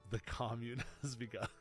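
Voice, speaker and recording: A young man streaming a game, with animated, joking commentary as he talks back to the game. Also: lowish voice. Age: young adult. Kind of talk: casual gameplay commentary.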